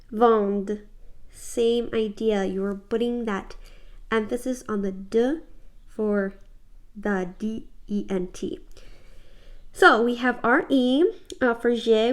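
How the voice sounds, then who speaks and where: A young woman teaching a casual spoken language lesson, careful and repetitive, saying words over for practice. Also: fairly high pitch. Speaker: French teacher.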